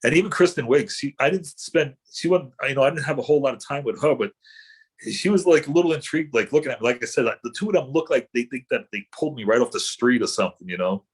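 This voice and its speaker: Husky man rambling through stories. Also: medium pitch, expressive, fast. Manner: rambling anecdotes, many fillers and restarts. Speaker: actor guest. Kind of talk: casual chat.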